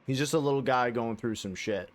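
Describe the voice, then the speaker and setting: A man's voice: mid-range voice, a little fast. A man streaming a video game from his home setup, chatting casually into a desk mic with rambling, profane jokes. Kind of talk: casual live-stream commentary.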